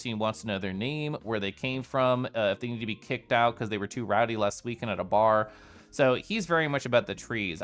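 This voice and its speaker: A man's voice: fairly low pitch, fairly bright tone, smooth. A young man chatting casually on a live stream, answering his chat and laughing often.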